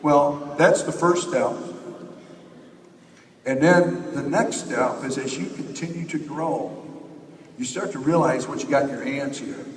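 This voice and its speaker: A man giving a motivational stage speech at a company convention, energetic and rallying the crowd with repetition. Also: mid-range voice, unhurried, pauses often, a little hiss or hum. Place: large convention hall. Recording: echoey hall, picked up from far off.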